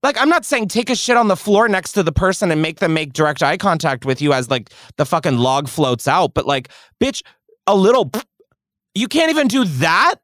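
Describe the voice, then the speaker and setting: A podcast host reacts to voicemails from callers with brash, profane, theatrical outrage. His pitch swings widely as he rants, and the sound is dry and close with no room echo. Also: animated, moderate pace, a bit bright. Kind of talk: casual advice chat.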